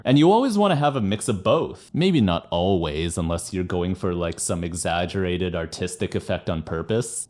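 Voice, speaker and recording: A man's voice: sits low, a little mellow. A man reviewing a rock song and explaining singing in a casual, self-deprecating way. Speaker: rock singer reviewing songs. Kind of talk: music reaction commentary.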